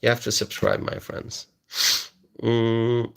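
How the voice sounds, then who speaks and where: Reading viewer comments aloud on his casual political live stream, an American host chuckles frequently and trips over and repeats words. He speaks slowly in a monotone, middle-pitched voice with vocal fry and a clean tone.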